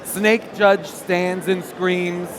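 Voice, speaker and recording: A man narrating the stage directions at a live staged reading on a theater stage, lively and playful. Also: high-pitched, extremely slow, a faint crowd, slight background noise.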